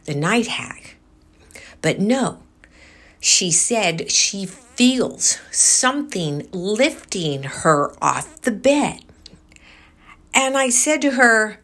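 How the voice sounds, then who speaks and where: A woman vlogger slowly retelling a strange experience in a casual monologue, with many pauses and fillers. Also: on the low side, a bit bright.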